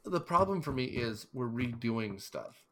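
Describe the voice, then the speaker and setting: A man's voice: mid-range voice, big pitch swings, a little slow, slightly rough. Rambling man co-hosting a podcast. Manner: rambling, digressive, joking. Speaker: podcast co-host. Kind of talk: casual chat.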